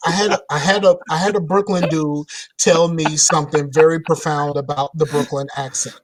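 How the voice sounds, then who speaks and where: This man's slightly high voice keeps a fairly even intonation at a normal pace. He co-hosts a laid-back gaming podcast, rambling and frequently starting his thoughts over.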